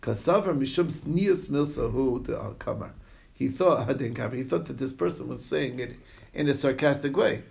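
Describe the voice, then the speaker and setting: Gravelly man teaching a text class. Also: medium pitch, animated, moderate pace, a little mellow. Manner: reads text aloud and explains it in chatty asides; storytelling with frequent "okay?" check-ins. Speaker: Talmud teacher. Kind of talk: casual Talmud class lecture.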